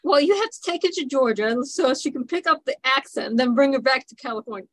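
This is a woman hosting a podcast interview, with a voice a little higher than average. She talks in a chatty way and backs up her guest with quick agreeing replies. The recording is dry and close, with no room sound. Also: lively intonation, no echo, rough recording. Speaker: podcast host. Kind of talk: casual interview chat.

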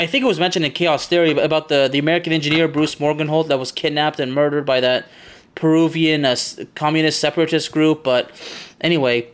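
A podcast host with a somewhat raised pitch talks through a game level from memory. He wanders off on tangents and doubles back often. His delivery is casual and chatty, and he laughs easily. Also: a bit bright.

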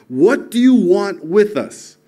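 A man's voice: sits high, sing-song, very slow, dark tone, pitched above the performer's own voice, exaggerated voice. A male preacher voicing a frightened demon crying out in panic, with a raised, urgent, pleading delivery. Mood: scared.

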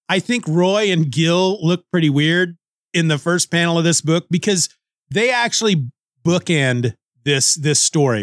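A man hosting a comic book review podcast, talking casually in a rambling, joking way that thinks out loud. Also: fairly high pitch, no room sound, studio quality. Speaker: podcast host.

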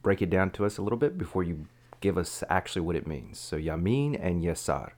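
A woman's voice: rumbling low, very animated, brisk, a little mellow. A woman hosting a casual podcast, rambling and self-mocking with frequent restarts. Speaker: podcast host.

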